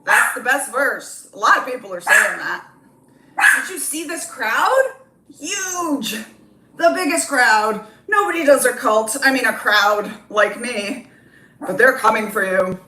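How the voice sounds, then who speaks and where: A woman's voice: fairly high pitch, expressive, unhurried, reverberant, background noise, pitched above the performer's own voice. A woman voicing a blustering, boastful male politician impression, bragging in a bombastic way.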